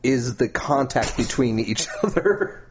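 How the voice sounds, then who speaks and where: A man's voice: medium pitch, expressive, unhurried, background noise. Joking man on a dull lo-fi podcast. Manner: joking, laughs often, swears when flustered. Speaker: podcast co-host. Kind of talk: casual chat.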